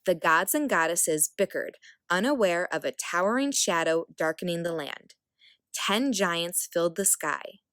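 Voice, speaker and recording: A woman reading a children's picture book aloud as a storyteller, expressive and unhurried. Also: lowish voice, no echo, studio quality.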